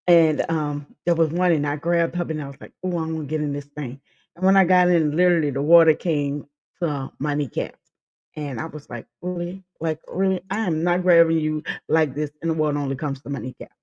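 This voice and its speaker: A man's voice: a little high, steady tone, brisk, a little mellow, muffled recording. A man streaming and reacting to clips, rambling with many fillers and laughing along. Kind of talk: casual reaction chat.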